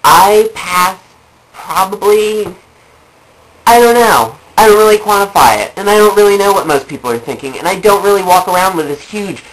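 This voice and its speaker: A woman's voice: mid-range voice, expressive, moderate pace, poor audio. A young adult woman telling funny personal stories in a rambling way, with many fillers and repeated phrases. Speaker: vlogger. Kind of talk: comedic personal storytelling.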